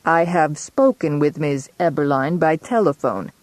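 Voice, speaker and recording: A woman's voice: low-pitched, animated, measured pace, darkish tone, no echo. A woman reading an audiobook, voicing a distant, formal male doctor who speaks in a stilted accent. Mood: cold, formal. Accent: foreign, stilted. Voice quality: stiff and formal.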